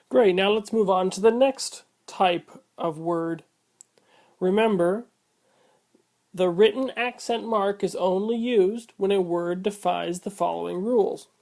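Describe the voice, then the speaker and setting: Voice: medium pitch, creaky. A Spanish class instructor narrating a slide lesson, explaining each rule step by step and repeating the key terms.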